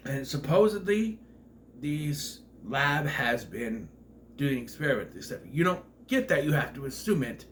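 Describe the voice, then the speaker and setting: A man rambling through a casual spoiler review of a horror movie, forgetting character names and clearing his throat. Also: a little high, fairly bright tone, a little hiss or hum.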